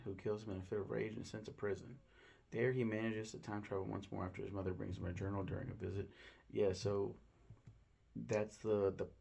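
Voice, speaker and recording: A man's voice: fairly low pitch, gravelly, a little mellow, husky. A man recapping a film in a casual, rambling way, full of ums, restarts and swearing. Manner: rambling, lots of ums and profanity. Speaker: film reviewer.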